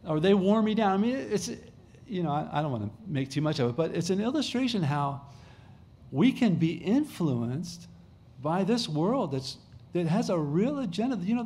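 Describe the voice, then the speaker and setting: A man's voice: high-pitched, a little mellow. A middle-aged man, a pastor, preaching a sermon in a conversational way, repeating phrases for emphasis and restarting sentences.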